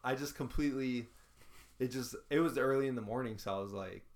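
A man's voice: medium pitch, fairly quick, gravelly. A man hosting a podcast in casual chat. He talks eagerly and chummily, with a mid-range voice. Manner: eager, chummy, says "dude". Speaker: podcast host.

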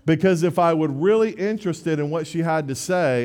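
A man's voice: on the high side, normal speed, a little mellow. Man preaching in a reverberant hall. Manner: conversational, self-deprecating, with repeated restarts. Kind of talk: sermon.

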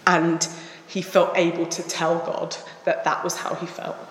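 A woman delivers a sermon at an unhurried pace, reflective and earnest in tone. Her voice carries through an echoey church hall with a long reverb tail. The recording sounds roomy rather than close. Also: lowish voice, flat delivery, slight background noise. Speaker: preacher.

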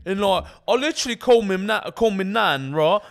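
This is a swaggering young British lad, loud and full of slang, as a man puts him on. His voice sits high and jumps around wildly. He always sounds worked up. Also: animated, moderate pace, creaky. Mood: boisterous. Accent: British put-on.

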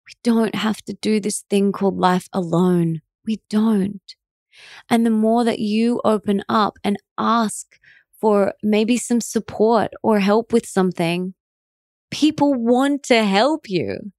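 A woman's voice: medium pitch, slow, darkish tone, no echo. Woman, thirties, motivational podcast host, heartfelt and encouraging, dry close-miked sound. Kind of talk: motivational monologue.

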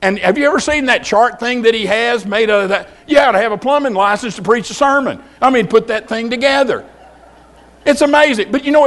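A middle-aged man preaching a folksy, joking sermon full of stories. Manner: folksy, joking, animated storytelling with big pitch swings.

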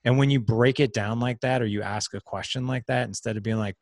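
A man's voice: mid-range voice, fairly even intonation, a little fast, no room sound, studio quality. A middle-aged man hosting a podcast, explaining ideas in casual conversation and acting out little example dialogues. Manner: earnest, explains with examples and acted-out quotes. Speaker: podcast host.

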